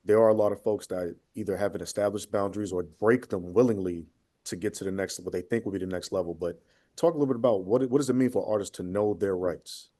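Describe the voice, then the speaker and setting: A man interviewing a guest on a panel, asking measured questions and giving brief affirmations. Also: on the low side, warm tone.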